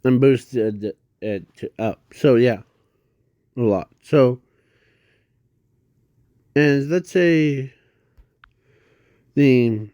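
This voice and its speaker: A man improvising a casual fan story, halting and rambling with constant restarts and self-corrections. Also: medium pitch, mellow, no room sound, lo-fi sound.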